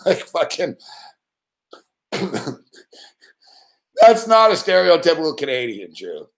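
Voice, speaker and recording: A man's voice: on the high side, wildly swooping pitch, a little slow, long pauses. Laughing, rambling man hosting live. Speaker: host. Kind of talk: casual live reaction chat.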